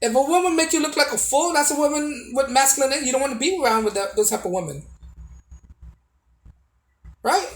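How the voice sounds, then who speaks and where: A man's voice: very high-pitched, reverberant, low-quality recording. A man giving a casual opinion monologue to camera as a video blogger, preachy and repetitive, with many restarts and tag questions.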